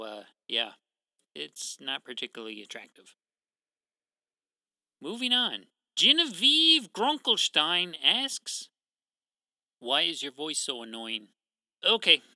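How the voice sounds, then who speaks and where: A man with an Atlantic Canadian accent hosting a solo true crime podcast, telling it in a sarcastic, profane way with dark jokes. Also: on the high side, no echo, low-quality recording. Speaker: podcast host.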